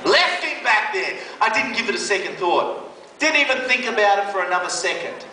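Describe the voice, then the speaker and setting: Australian man, high and bright voice, animated slangy storyteller, echoey hall, mic far off. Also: a little fast, a little hiss or hum. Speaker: speaker giving a testimony. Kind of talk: storytelling talk.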